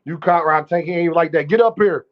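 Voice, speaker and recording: A man's voice: a little high, fast talker. A man hosting a live boxing stream, talking brash and profane trash while calling out viewers in his chat. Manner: addresses chat directly, calls out viewers. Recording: dull lo-fi stream audio.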